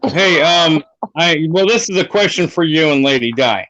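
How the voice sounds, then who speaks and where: A man's voice: a little high, animated, normal speed, fairly bright tone, dry recording, muffled recording. A man calling in to a casual online talk show, joking crudely and flirting. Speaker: caller.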